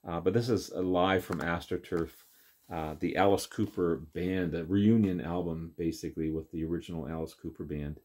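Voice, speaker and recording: A man casually showing and talking through records he picked up, relaxed and rambling with many ums and uhs. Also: low-pitched, moderate pace. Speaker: vinyl collector vlogger. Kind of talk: casual record show-and-tell.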